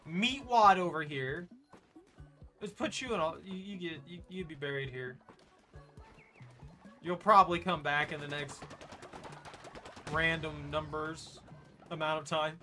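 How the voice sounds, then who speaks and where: Bright high-voiced man gaming. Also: measured pace, long pauses, soft background music. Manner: chatty, joking reactions to the game. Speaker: gaming video creator. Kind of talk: let's play commentary.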